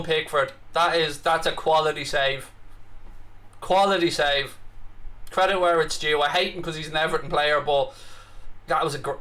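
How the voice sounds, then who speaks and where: An Irish man hosting a live football watchalong stream, chatting casually, reading out viewer comments and breaking into excited reactions. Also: a little high. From Ireland.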